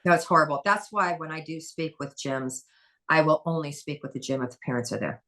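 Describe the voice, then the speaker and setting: A woman's voice: low-pitched, fairly quick, a bit bright. A woman who is a former head gymnastics coach, talking passionately and emphatically as a podcast guest. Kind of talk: podcast conversation.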